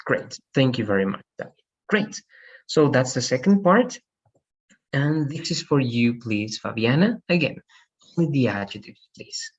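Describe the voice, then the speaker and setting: A man runs an online English lesson, slowly modeling words and gently correcting his students. His voice is a little husky and the call audio sounds dull and lo-fi. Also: medium pitch, big pitch swings. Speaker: English teacher. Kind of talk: online class, pronunciation coaching. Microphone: video call.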